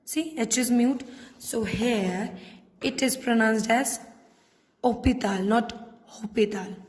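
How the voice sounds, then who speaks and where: A woman with an Indian English accent teaches a classroom lesson at a slow, deliberate pace, her voice pitched a little high. She repeats each point patiently. The room is echoey, with a long reverb tail. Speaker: French teacher.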